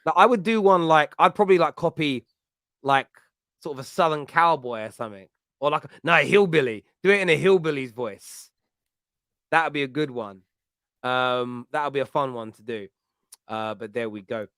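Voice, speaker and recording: A man's voice: fairly high pitch, moderate pace, a bit bright, clean tone, no echo. Football podcast host, man in his thirties, chatty rambling storyteller, raised voice, dry close mic. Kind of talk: casual football chat.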